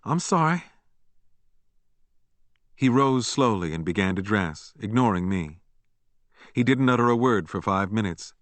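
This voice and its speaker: A man narrating a memoir audiobook in a measured, even storytelling manner on a close studio mic. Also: lowish voice, no echo.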